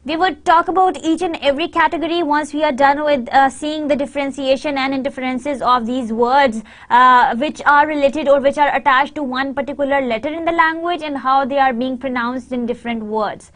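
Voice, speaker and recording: Woman lecturer, Pakistani English accent, high voice, patient and explanatory, lots of "uh" fillers. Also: brisk, hardly any pauses, a bit bright. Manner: explanatory, many fillers and restarts. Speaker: university lecturer. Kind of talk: recorded online lecture.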